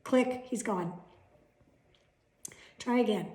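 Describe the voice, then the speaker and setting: A middle-aged woman talks straight to her vlog camera, sarcastic and profane as she tells her stories. Her voice sits a little high. The room around her rings with echo. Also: brisk, darkish tone. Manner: blunt, profane and sarcastic storytelling. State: has bronchitis. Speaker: vlogger. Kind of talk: casual vlog chat.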